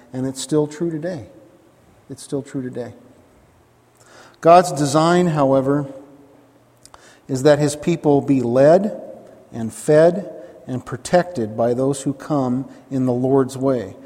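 A man's voice: medium pitch, slow pace, mellow, big-room sound. A man preaching a sermon as pastor, emphatic, repeating his lines and asking the congregation questions.

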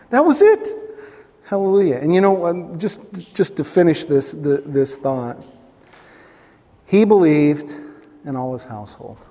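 Animated preacher in a reverberant hall. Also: male voice, a little slow, pauses often. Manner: animated storytelling, acting out voices and rising to excited highs. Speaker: pastor. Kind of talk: sermon.

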